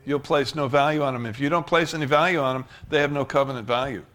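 A man preaching a sermon as pastor, emphatic, swinging from loud rises to soft asides. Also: medium pitch, steady tone, fast talker.

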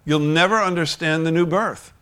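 Guy preaching a sermon, kinda high voice, talks like he's chatting, restarts lines a lot. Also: moderate pace, a bit bright, clear, resonant tone. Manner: conversational preaching with frequent restarts and chuckles. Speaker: pastor.

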